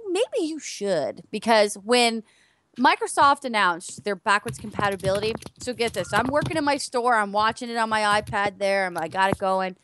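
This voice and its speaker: Animated woman co-host, lively pitch. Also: a little hiss or hum. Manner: animated, loud exclamations. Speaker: podcast co-host. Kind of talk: casual chat.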